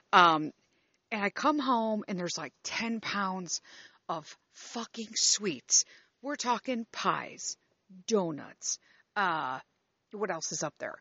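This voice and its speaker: A woman in her fifties, a vlogger, casually rants to her viewers in a fairly low, slightly bright voice. She sounds exasperated and swears, rambling and restarting sentences. The recording is dry and the audio dull.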